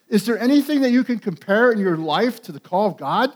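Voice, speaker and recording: A pastor preaching a sermon, animated and emphatic. He rises to loud peaks and often repeats and restarts words. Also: high-pitched, normal speed.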